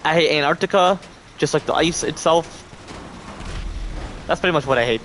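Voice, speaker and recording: A young man live-streaming a game, chatting with his viewers and reacting with loud, profane outbursts. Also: a little high, moderate pace, pauses often, slight background noise. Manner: profane, talks to chat, reacts loudly. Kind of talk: casual live-stream gaming commentary.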